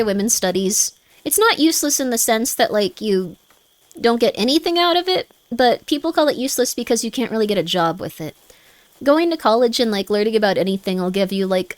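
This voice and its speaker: A woman streaming a game from home, reading game text aloud and chatting with viewers, animated and full of "like". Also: medium pitch, no echo. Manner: chatty, animated, says "like" a lot.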